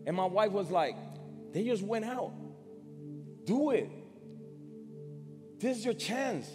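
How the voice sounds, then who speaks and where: A middle-aged man with a high voice preaches in a big hall, and his words ring out in a long reverb. Soft music plays faintly under him. He stumbles over repeated words, now loud, now almost hushed. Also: lively intonation, takes it slowly. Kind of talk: sermon with personal story.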